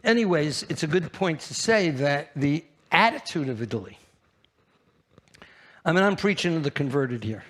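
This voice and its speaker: A brash man delivers a live conference talk from the stage. His somewhat high voice leaps into loud, high bursts and then drops low again as he keeps throwing questions at the audience. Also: expressive, moderate pace. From New York. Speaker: keynote speaker at a trade fair.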